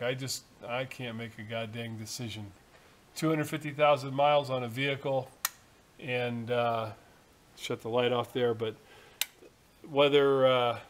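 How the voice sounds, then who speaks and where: A man's voice: medium pitch, rough recording. A man from the San Francisco Bay Area, talking casually inside a vehicle, rambling, cursing and telling stories with quoted dialogue. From San Francisco Bay Area, USA. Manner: chatty, swearing, storytelling with quoted dialogue. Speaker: vlogger.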